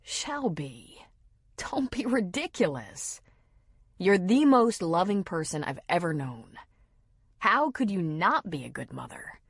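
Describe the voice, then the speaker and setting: A woman's voice: sing-song, slow, husky, no echo, studio quality, full character voice. Woman reading as a teasing young husband. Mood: reassuring. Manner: playful, low teasing.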